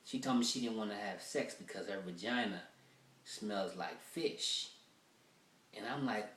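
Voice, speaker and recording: A man works through a rough draft of stand-up material, swearing freely and rambling through his stories with plenty of filler words. He sounds set back from the mic, and the room around him is echoey. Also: on the low side, unhurried, fairly bright tone, far from the mic. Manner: profane, rambling storytelling with many fillers. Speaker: stand-up comedian.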